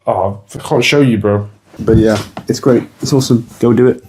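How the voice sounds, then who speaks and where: Mellow-voiced young man, blunt and sweary. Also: on the low side, steady tone, normal speed, slight background noise. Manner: blunt, swears a lot, says bro often. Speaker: fitness vlogger. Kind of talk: casual motivational talk to camera.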